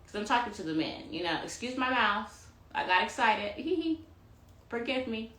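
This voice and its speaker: A woman's voice: a little high, lively intonation, normal speed, a bit bright, echoey room. A woman giving a tarot reading on a phone live stream, sassy and profane, preaching self-love and calling her listeners honey. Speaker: tarot reader. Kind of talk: Instagram live astrology rant.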